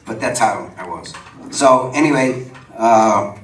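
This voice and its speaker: Taking it slowly in a medium-pitched voice, an older man recounts lively stories of his local television years for a live supper club audience. He is chatty, laughs often, and acts out what others said, with roomy, distant-mic sound and background noise.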